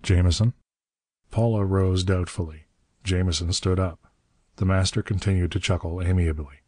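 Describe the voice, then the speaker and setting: A man reads a novel aloud in a steady, measured way. His voice is very deep and dark in tone. The recording is dry and close, with no room sound. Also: no room sound. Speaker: narrator. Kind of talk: audiobook narration.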